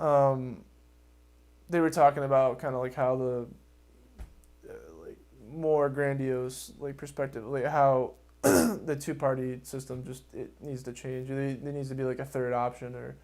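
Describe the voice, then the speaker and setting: A man hosting a podcast in casual chat, rambling and animated, laughing often and swearing freely. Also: mid-range voice, unhurried. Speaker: podcast host.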